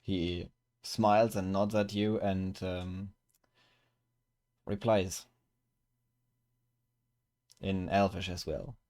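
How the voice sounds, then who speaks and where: Slow, smooth-voiced male game master. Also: deep voice, level tone, a little mellow. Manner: unhurried narration with fillers. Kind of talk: narrating a tabletop game.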